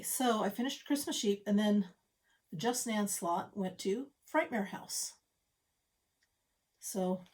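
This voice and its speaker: A woman's voice: medium pitch, darkish tone. A middle-aged woman showing her cross-stitch projects in a casual home vlog, chatty and self-deprecating with rambling asides. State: a little out of breath. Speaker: stitching vlogger. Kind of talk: casual show-and-tell vlog. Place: home craft room.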